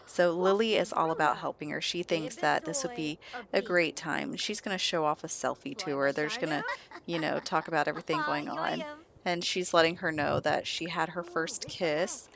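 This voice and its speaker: Crowd noise surrounds this gameplay narrator, a woman whose low-pitched voice is gravelly and moves at a moderate pace. She chats her way through a life-sim game, making amused asides to the characters in a relaxed let's-play.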